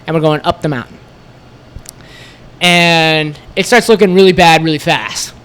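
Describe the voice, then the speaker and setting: Animated young-sounding man telling a wild story. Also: fairly high pitch, moderate pace, clean tone. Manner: animated, acts out quoted voices, lots of "like". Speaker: podcast guest, store co-owner. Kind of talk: casual storytelling.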